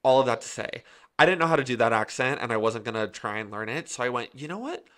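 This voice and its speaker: Man, guest actor, bright tense voice, quick joker, animated storyteller, middle pitch. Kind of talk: casual interview storytelling.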